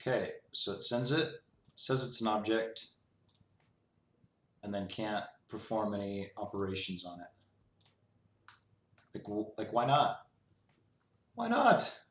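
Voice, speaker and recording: Streaming himself coding, a young man rambles in exasperation through a casual talk-through of his own code, leaning heavily on "like." His fairly low, slightly bright voice holds a steady tone at a measured pace with long pauses, all in a roomy echo.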